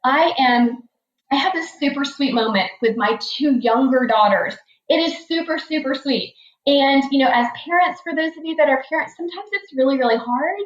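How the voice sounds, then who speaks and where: A woman in her forties speaking as a financial coach, with a fairly high voice. She tells stories earnestly and leans on repeated phrases. The sound is roomy and a little dull, like a lo-fi podcast. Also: expressive, normal speed. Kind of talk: podcast interview storytelling. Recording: echoey room, dull lo-fi sound.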